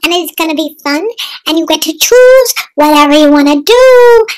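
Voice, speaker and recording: Someone slowly introducing the week's lesson to children. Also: very high-pitched, lively intonation, rough recording.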